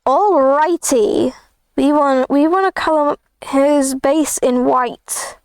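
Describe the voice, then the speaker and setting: Woman streamer, playful rambler, high-pitched, dry close recording. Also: takes it slowly, dry recording. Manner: rambling, playful, jokey asides. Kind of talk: casual livestream chat while drawing.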